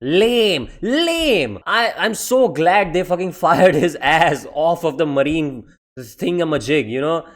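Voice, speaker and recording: A man giving a casual vlog review of manga, excitable and profane, tossing "man" into nearly every sentence and slipping into mocking voices. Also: on the high side, a little slow.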